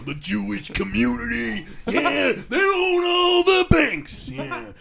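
A man playing a loud, boastful male pro wrestler with a shouted, drawn-out delivery. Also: very high-pitched, sing-song, vocal fry, a crowd in the background, voice pushed up, heavily acted. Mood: swaggering.

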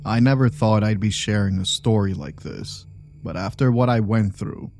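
A man reading a first-person story aloud as scripted narration, in a steady, measured way. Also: lowish voice, soft background music.

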